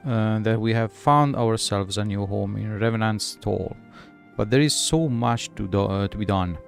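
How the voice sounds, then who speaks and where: A man's voice: fairly low pitch, vocal fry, a little mellow. A man voicing an earnest, formal young male scholar, reading the lines aloud with stumbles.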